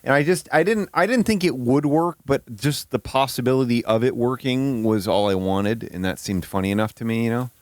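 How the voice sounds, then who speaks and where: A man's voice: mid-range voice, a little fast, hardly any pauses, no room sound. A man with a Michigan accent hosting a live stream, rambling and crudely joking about himself in casual chat. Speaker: streamer host.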